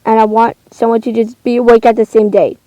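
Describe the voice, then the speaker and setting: High-voiced woman ranting over gameplay. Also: flat delivery, fairly quick, mellow, no echo, rough recording. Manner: indignant, exclaiming, rambling. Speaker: gamer. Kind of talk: casual gameplay commentary.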